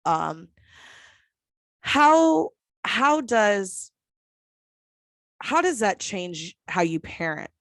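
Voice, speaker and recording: A woman in her twenties hosting a candid podcast chat, her voice sitting on the low side. She talks frankly, swears freely and laughs often as she acts out quotes. The sound is close and dry. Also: creaky, no room sound. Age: 20s. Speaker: podcast host.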